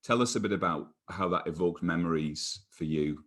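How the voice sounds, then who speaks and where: A man's voice: low voice, moderate pace, fairly bright tone. A man hosting a church interview online, speaking hesitantly with many ums and restarts.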